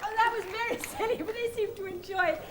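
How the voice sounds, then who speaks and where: A woman's voice: extremely high pitch, steady tone, fast, a crowd in the background, noisy background. An actress playing an effusive, party-loving middle-aged mother of grown children in a televised stage drama. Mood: gushing. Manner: effusive, chattering.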